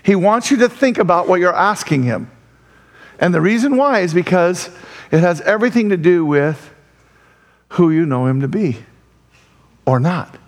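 A male pastor preaching a sermon in a conversational, animated way who laughs often. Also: fairly high pitch.

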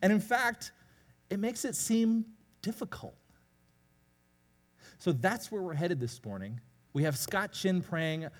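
Male pastor, casual confessional sermon, animated delivery, big church reverb. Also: sits high, slow, long pauses. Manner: candid, self-deprecating, conversational preaching. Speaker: youth pastor. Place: church sanctuary. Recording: long hall reverb.

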